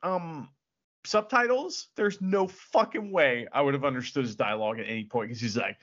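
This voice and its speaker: A man co-hosting a podcast, chatting casually and excitably about films, swearing and laughing often. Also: mid-range voice, moderate pace, muffled recording. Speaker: podcast co-host. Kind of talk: casual film review chat.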